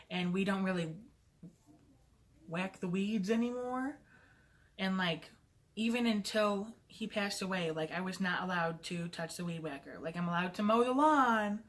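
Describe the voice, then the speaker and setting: A woman's voice: mid-range voice, fairly bright tone. A young adult woman vlogger telling a casual storytime. She is chatty and playful, pokes fun at herself, and leans on "like" as she talks. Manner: chatty, fills talk with "like"; playful and self-mocking.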